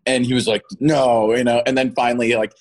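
A man's voice: medium pitch, little pitch movement, a little fast. A man in his thirties, an actor guest in a casual interview, rambling and repeating words as he talks, often laughing.

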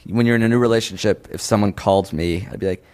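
A man's voice: on the low side, fast talker, darkish tone. A man hosting a casual chat, joking, asking questions and swearing freely.

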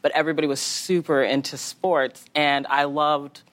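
A woman talk show guest chatting casually, telling a long rambling story with animated asides and laughs. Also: deep voice, normal speed. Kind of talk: casual chat.

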